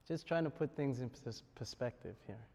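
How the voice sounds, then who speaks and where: An Australian man speaks to students in a university lecture hall at a middle pitch, with a long reverb trailing behind his voice. He keeps it light and jokey and chuckles between points. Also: unhurried, mellow. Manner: joking, chuckles often. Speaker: spiritual speaker.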